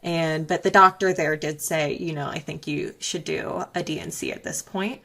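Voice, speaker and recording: A woman's voice: deep voice, fairly even intonation, normal speed, sharp tone. Candid young woman telling a personal story. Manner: candid, reflective storytelling with frequent fillers. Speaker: interview guest.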